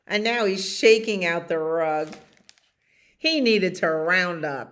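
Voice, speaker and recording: A woman librarian reading a picture book aloud to children in an animated, expressive way. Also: lowish voice, takes it slowly.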